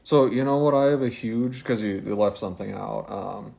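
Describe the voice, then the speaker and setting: Guy cohosting a podcast, low gravelly voice, chatty, lots of um and like. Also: normal speed. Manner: animated, many fillers and restarts. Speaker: podcast co-host. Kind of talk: casual chat.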